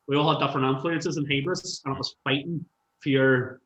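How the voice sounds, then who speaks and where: A man's voice: medium pitch, fairly even intonation, fairly quick, fairly bright tone. A man, a musician guest chatting casually and telling stories animatedly, swearing freely. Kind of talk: casual podcast chat. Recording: roomy, dull-sounding room.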